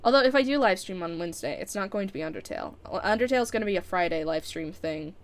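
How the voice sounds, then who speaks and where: A woman's voice: fairly low pitch, animated, fast talker. Rambling young woman live streamer. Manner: rambling, laughs often, many "like" fillers. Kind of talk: casual chat ending a live stream.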